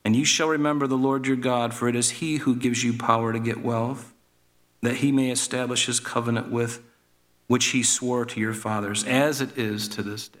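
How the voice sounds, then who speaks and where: A man's voice: mid-range voice, steady tone, moderate pace, fairly bright tone. A man preaching a sermon, reading scripture aloud and then explaining it conversationally, calling the listeners folks and asking them questions. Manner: addresses the listeners as folks, asks rhetorical questions.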